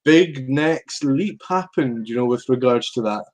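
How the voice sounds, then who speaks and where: A middle-aged man with a Scottish accent, talking loosely about a film as a podcast guest. His voice sits at an ordinary pitch, and he rambles, swears freely and breaks into laughs. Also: lively intonation, measured pace. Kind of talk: casual film-watching chat.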